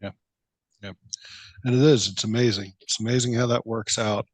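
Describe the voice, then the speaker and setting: A man's voice: fairly low pitch, steady tone, normal speed, husky, no room sound. A man hosting a podcast interview, talking casually and circling through his questions with lots of filler words. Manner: rambling, many fillers like "you know". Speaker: podcast host.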